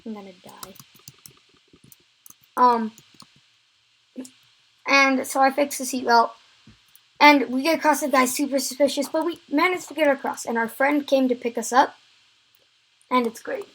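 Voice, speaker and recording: High-voiced woman rambling through a story. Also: fairly even intonation, moderate pace, pauses often, a bit bright, rough recording. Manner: rambling storytelling, filler-heavy, frequent restarts. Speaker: vlogger. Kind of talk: story time vlog.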